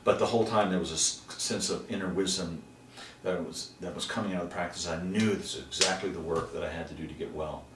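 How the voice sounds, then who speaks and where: A middle-aged man from Texas recounts his dreams as an interview guest, with a very low voice that leaps up when he acts out a scene. He sits away from the mic in a room with a lot of echo, and a faint hiss runs underneath. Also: fast, far from the mic. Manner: animated, acts out dream scenes with sudden high exclamations. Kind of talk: personal storytelling in an interview.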